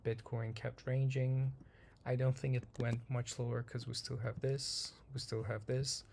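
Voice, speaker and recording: Man, trading-channel host, slightly hoarse, dark gravelly tone, rambling delivery. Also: medium pitch, flat delivery, measured pace, slight background noise. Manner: rambling, repeats himself, many ums. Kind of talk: casual chart walkthrough.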